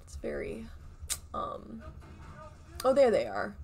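Wry young woman gamer, gravelly edge. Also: fairly high pitch, big pitch swings, slow, darkish tone, soft background music. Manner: wry, sarcastic quips at the game. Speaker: let's play gamer. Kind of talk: casual gameplay commentary.

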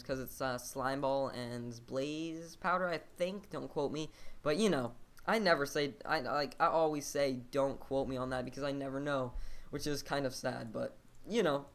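A man's voice: fairly high pitch, bright, forceful tone. Rambling man narrating his gameplay. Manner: rambling, hesitant, lots of fillers. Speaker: let's play host. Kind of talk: casual game commentary.

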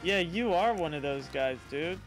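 A man's voice: a little high, animated, moderate pace, soft background music. A young man chatting casually while gaming, teasing his partner with profane banter. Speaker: gamer.

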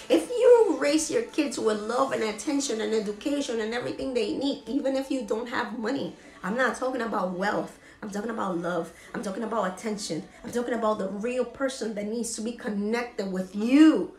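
A woman's voice: fairly high pitch, a little fast, few pauses, a little mellow, roomy sound. A woman vlogger giving an emotional motivational talk. She is earnest and preachy and repeats phrases for emphasis.

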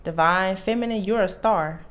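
A woman's voice: mid-range voice, moderate pace. A woman giving a tarot reading to her viewers, talking earnestly and with emphasis, often restarting her sentences. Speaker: tarot reader.

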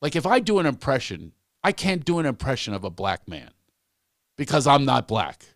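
A man's voice: mid-range voice, big pitch swings, moderate pace, dry recording, clean studio sound. A man who is a comedian guest, ranting animatedly and repeating words when fired up. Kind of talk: animated podcast conversation.

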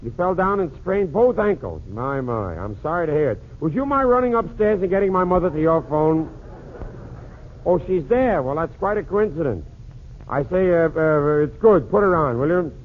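A man doing a one-sided comic phone call in a 1940s radio comedy monologue, patter quick and full of jokes. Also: a little high, expressive. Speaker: comedian and emcee. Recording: tinny lo-fi 1940s radio transcription with faint hiss.

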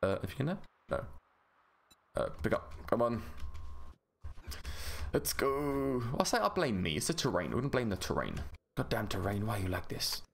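A man's voice: fairly low pitch, big pitch swings, normal speed, vocal fry, pauses often, a little hiss or hum. A man hosting a gaming channel, chatting through gameplay in a rambling, self-mocking way. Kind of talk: casual gameplay commentary.

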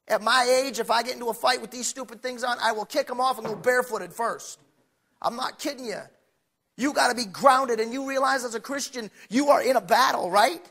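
A middle-aged male pastor preaching a folksy sermon that swings from quiet asides to shouted points. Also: very high-pitched.

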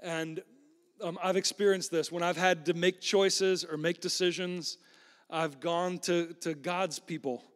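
A man's voice: high voice, steady tone, unhurried. A man preaching a sermon in a loose, conversational way, often repeating words and restarting. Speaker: pastor. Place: church sanctuary. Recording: long hall reverb.

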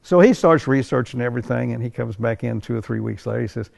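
Older male storyteller, gravelly, folksy and rambling, racing-team owner recounting anecdotes. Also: medium pitch, fast, a little mellow. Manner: folksy, conversational, rambling with restarts. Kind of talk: animated anecdote telling.

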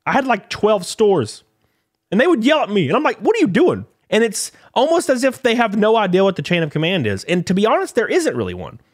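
A man with a high voice that jumps all over the place rants bluntly and with exasperation, reading workplace complaints aloud and swearing casually. He sits right at a close mic with a dry, dead sound. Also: big pitch swings, brisk, no echo. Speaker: streamer commentator. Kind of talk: reading posts aloud and ranting.

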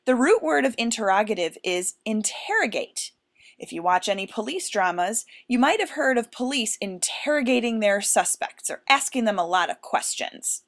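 A woman with a fairly high, very lively voice gives a recorded classroom lesson. She explains each point in a clear, deliberate teaching tone. Her pitch moves a lot as she goes.

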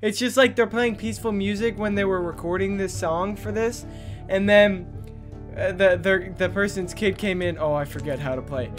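A man's voice: sits high, fairly even intonation, normal speed. A young man giving casual gameplay commentary, swearing and bursting into frustrated outbursts. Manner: frustrated, profane, prone to outbursts. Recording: game music in background.

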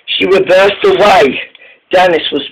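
Male reader of a children's train story, higher-pitched, slow, halting with restarts. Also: slightly rough, rough recording. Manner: halting, many restarts and repeated words. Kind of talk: storybook narration.

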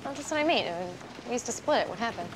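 An actress playing a principled, earnest young doctor in a TV drama. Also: female voice, on the high side, lively intonation, very fast, noisy background, natural voice. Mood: pleading. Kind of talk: TV drama acting.

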